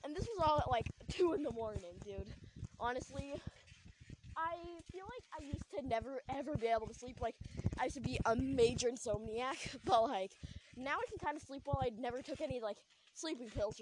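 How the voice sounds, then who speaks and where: A young woman with a high, light voice rambles through a story for her podcast, filling it with likes and ums. She is recorded sitting outdoors at night, and steady noise runs under her voice. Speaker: podcast host. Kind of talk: casual storytelling chat.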